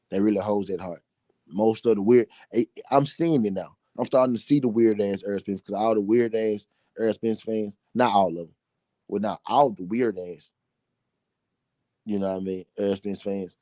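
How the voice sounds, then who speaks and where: A man with a Southern US accent and a fairly low, mellow voice hosts a solo boxing talk show, recorded with no echo. He rants bluntly, heatedly, and profanely, repeating his points for emphasis.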